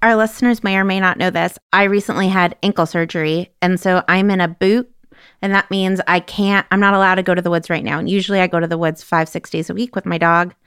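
A woman's voice: fairly low pitch, fairly bright tone, clean tone, no room sound, clean studio sound. A woman co-hosting a podcast, chatting casually and vividly with lots of "like". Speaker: podcast co-host.

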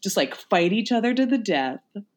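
A woman's voice: medium pitch, a little fast, a little hiss or hum. Ranting woman podcast host. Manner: ranting, animated, swears freely. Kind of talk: casual chat.

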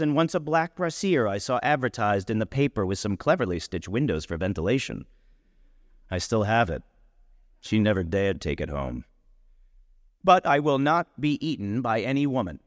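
A man's voice: mid-range voice, dry recording, big-room sound. A man narrating a literary short story in the first person, with a wry, dry manner. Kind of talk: audiobook reading of literary fiction.

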